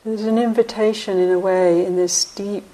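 A woman meditation teacher giving a dharma talk in a slow, reflective way with frequent pauses. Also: medium pitch, steady tone, mellow, poor audio.

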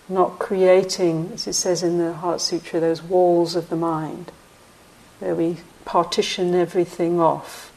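A woman meditation teacher giving a dharma talk in a slow, reflective way with frequent pauses. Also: lowish voice, a little mellow, low-quality recording.

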